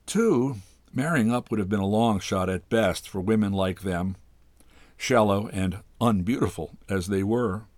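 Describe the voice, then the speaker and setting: Man reading a short story out loud, low voice, slow and measured, dry studio sound. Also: no room sound. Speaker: host reading stories aloud.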